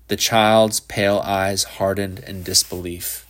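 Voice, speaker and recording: A man reading a literary short story aloud in a measured, even narration. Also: on the low side. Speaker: audiobook narrator.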